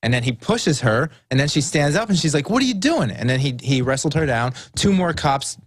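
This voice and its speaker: A man speaking as a talk show guest, recounting events in a measured, plain way. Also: mid-range voice, lively intonation.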